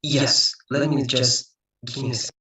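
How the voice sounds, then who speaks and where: A man's voice: medium pitch, flat delivery, a little slow, pushed and bright. Man tutoring English on a roomy video call. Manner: rambling, with frequent restarts and repeated "again". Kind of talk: online tutoring lesson. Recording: echoey room, far from the mic.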